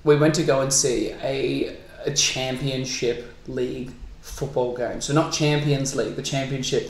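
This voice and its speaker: A man's voice: medium pitch, roomy sound, a little hiss or hum. A man hosting a casual comedy podcast, telling stories and teasing his guest with plenty of swearing. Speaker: podcast host.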